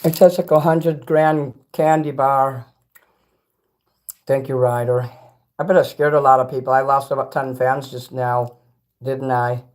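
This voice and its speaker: A man's voice: medium pitch, fairly even intonation, unhurried, pauses often, darkish tone. A man from Chicago chatting on a livestream, reading out chat messages and eating snacks between rambling, blunt remarks that carry the odd curse. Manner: rambling, blunt, swears freely; talks while eating snacks.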